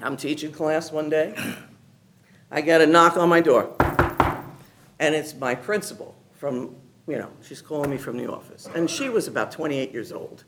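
A woman giving a personal testimony to her church gathering, telling her story in an animated, enthusiastic way. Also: deep voice, moderate pace, background noise. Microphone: handheld mic at a gathering.

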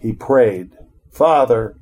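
A middle-aged man leads a relaxed Bible study. He reads scripture aloud, then breaks off to talk it over with his listeners in an easy, chatty way. His voice sits at an ordinary middle pitch. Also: slow. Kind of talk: informal Bible teaching.

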